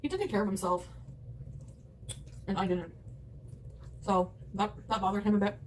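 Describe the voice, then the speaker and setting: A woman's voice: mid-range voice, moderate pace, a little mellow. A woman rambling and laughing through casual chat as she eats a big meal at home. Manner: rambling, chatty, laughs often. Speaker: mukbang eater. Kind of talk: casual chat while eating. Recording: distant mic with background noise.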